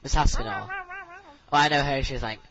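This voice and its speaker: A man's voice: mid-range voice, brisk, crowd noise. A teenage boy, chatting casually as co-host, giggly and prone to mimicking teachers, a bit wheezy from laughing. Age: teens. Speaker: podcast co-host. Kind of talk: casual chat. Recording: dull lo-fi home recording.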